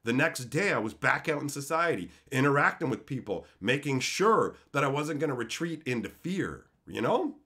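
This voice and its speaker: A man's voice: medium pitch, sing-song, normal speed, hardly any pauses, pushed and bright. A man streaming live, reading chat and ranting bluntly with lots of swearing. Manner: profane, blunt, heated ranting. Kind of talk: casual livestream rant, reading chat.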